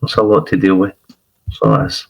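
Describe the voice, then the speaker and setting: A man's voice: low voice, big pitch swings, moderate pace, creaky, rough recording. A man hosting a podcast, asking casual questions with stammering restarts. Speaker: podcast host.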